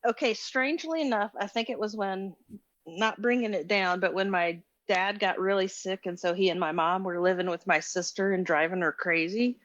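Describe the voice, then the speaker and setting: A woman's voice: mid-range voice, fairly even intonation, moderate pace, a bit bright, no room sound, muffled recording. A woman with a Southern US accent, calling in and chatting casually, telling stories. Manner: chatty, storytelling. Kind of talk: casual chat.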